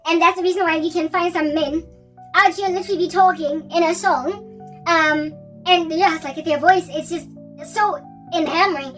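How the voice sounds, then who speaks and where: A woman's voice: very high-pitched, fairly even intonation, normal speed, a bit bright, far from the mic, soft background music. A woman rambling animatedly in a casual vlog chat, now and then breaking into snatches of song. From South Africa. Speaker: Christian vlogger.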